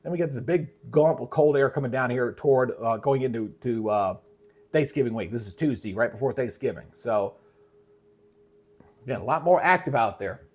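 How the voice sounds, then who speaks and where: Throat-clearing man, weather briefing. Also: medium pitch, moderate pace, darkish tone. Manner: casual, conversational, with frequent fillers and throat clearing. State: frog in the throat, repeated throat clearing. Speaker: meteorologist host. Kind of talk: live weather briefing over maps.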